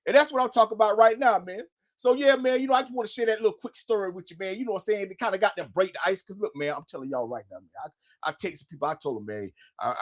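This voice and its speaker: A man's voice: high-pitched, fairly bright tone. A man hosting his own show, speaking, talking casually and profanely and tagging nearly every phrase with "man". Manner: profane, repetitive, says "man" constantly. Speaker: podcast host. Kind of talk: casual motivational monologue.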